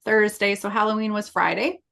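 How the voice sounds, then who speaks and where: A middle-aged woman tells a personal story as a podcast co-host, in a mid-pitched voice. She talks in a chatty, casual way and acts out what others said. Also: fairly even intonation, a little fast, gravelly, fairly bright tone. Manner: chatty, acts out quoted dialogue.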